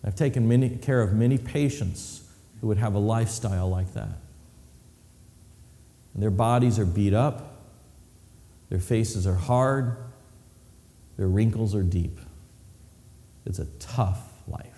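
Guy preaching a sermon, storytelling, goes quiet then builds up loud, echo of a big hall. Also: lowish voice, measured pace, pauses often. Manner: storytelling, swings from hushed to rising and emphatic. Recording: reverberant hall.

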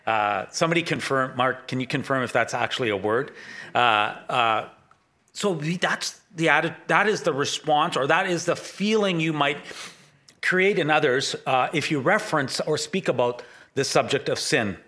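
A man's voice: a little high, moderate pace, bright, forceful tone. A middle-aged man from Canada preaching a sermon in a loose, rambling, conversational way, often restarting his sentences. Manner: rambling, self-correcting, conversational. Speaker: pastor.

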